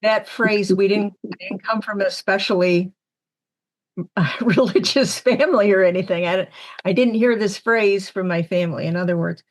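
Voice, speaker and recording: A woman's voice: mid-range voice, normal speed. A woman from the Syracuse area, a medium on a panel, telling personal stories and acting out the lines of people in them. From Syracuse, New York area. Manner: animated storyteller acting out quoted lines. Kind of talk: storytelling on a panel podcast.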